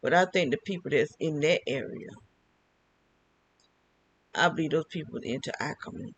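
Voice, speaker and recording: A man's voice: fairly high pitch, normal speed, a bit bright, husky, rough recording. An older man talking alone to camera, rambling and often repeating and restarting his phrases. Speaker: vlogger. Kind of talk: casual monologue.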